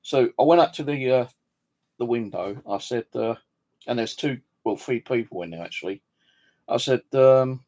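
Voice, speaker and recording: A man's voice: medium pitch, moderate pace, darkish tone. A man telling an angry story in a casual monologue, swearing freely and acting out the conversations. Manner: swears freely, indignant, retells dialogue. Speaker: vlogger.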